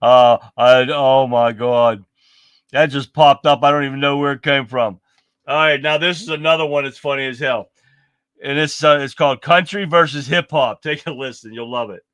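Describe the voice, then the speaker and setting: A man's voice: medium pitch, steady tone, normal speed, fairly bright tone, smooth, no room sound. A man hosting a live stream, chatting casually to viewers and introducing clips. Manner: chatty, laughs easily, addresses viewers. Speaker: livestream show host.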